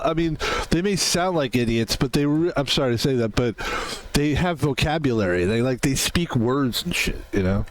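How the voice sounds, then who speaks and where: A man casually commenting while playing a video game, rambling between jokes and swearing freely. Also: mid-range voice. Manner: rambling, profane, joking asides. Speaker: gaming YouTuber. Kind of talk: casual let's-play commentary.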